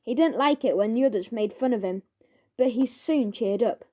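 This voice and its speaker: A woman narrating a children's audiobook in a measured storytelling manner. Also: fairly high pitch, warm tone.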